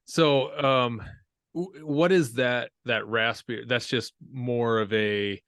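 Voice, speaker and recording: A man's voice: mid-range voice, fairly even intonation, slow pace, fairly bright tone, no room sound, studio quality. A man hosting a podcast, putting questions to a guest in a casual interview. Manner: brief agreeing interjections. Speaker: podcast host.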